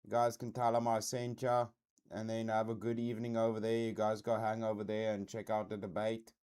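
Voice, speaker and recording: A man's voice: on the low side, monotone, fairly quick, darkish tone, clean tone. A man hosting a livestream in casual chat, laid-back and peppering his talk with dude and bro. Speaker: livestream host.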